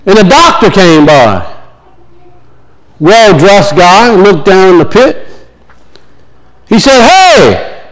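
Man, preacher, high voice, folksy, storytelling sermon. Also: sing-song, slow, pauses often, rough recording. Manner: folksy storytelling, plain spoken grammar. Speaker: pastor.

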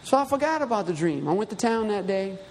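High-voiced preacher in a reverberant hall. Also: male voice, sing-song, fast talker, slight background noise. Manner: storytelling, conversational, rising emphatic. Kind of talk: sermon. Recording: reverberant hall with faint ambience.

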